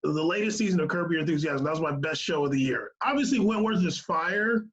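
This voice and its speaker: High-voiced laughing podcast host. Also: male voice, lively intonation, dull audio. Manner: laughs often, recaps lists quickly. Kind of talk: casual chat.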